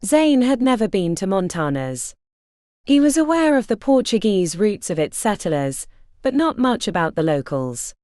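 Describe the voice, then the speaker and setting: Speaking at an ordinary pace in a mid-range voice, a woman narrates a fantasy audiobook with vivid, expressive storytelling, recorded dry in studio quality.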